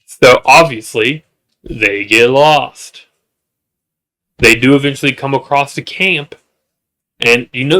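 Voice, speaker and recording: Bright-voiced rambling man reviewer. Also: animated, measured pace. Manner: rambling, jokey, with asides and restarts; works up into high-pitched exasperation. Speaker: show reviewer. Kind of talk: casual comedic recap.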